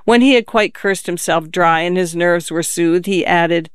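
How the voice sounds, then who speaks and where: A man narrating a story at a measured, even pace. His voice is fairly high and notably smooth and clear. It is recorded close and dry, with no room sound. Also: no echo. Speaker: audiobook narrator. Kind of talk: scripted narration.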